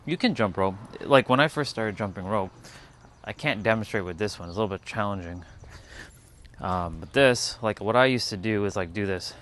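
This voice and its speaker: Rambling low-voiced man vlogging. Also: moderate pace, a bit bright. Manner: loose and meandering, many "like" fillers. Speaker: spiritual vlogger. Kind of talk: rambling casual vlog. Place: outdoors on a hot day.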